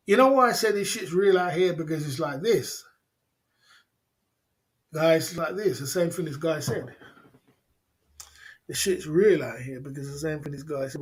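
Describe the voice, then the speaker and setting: A man hosts a livestream. He tells stories in a loose, rambling way. He keeps repeating lines, chuckles and calls out to the people in the chat. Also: fairly high pitch. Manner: rambling, repetitive, chuckles often, talks to the chat. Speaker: livestream host. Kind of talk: casual livestream storytelling.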